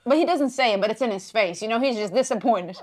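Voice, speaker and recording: A woman podcast co-host telling a travel story in casual chat, animated and profane, acting out the people she quotes. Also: on the high side, quick pace. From Latino family.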